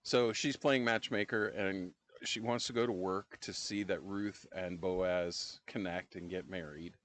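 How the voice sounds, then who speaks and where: A middle-aged man co-hosting a podcast, leading a Bible study in a relaxed, conversational way with frequent pauses. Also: deep voice. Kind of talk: casual Bible-study discussion.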